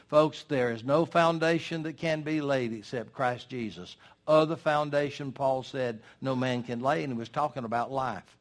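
An older man delivers a sermon in an emphatic, folksy style. His mid-range voice drives each point home and leans on dramatic pauses. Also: mid-range voice. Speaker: preacher.

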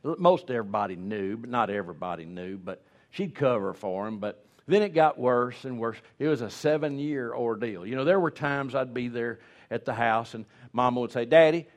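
A man's voice: medium pitch, moderate pace. A man in his sixties preaching a humorous, folksy storytelling sermon, rambling and restarting as he jokes.

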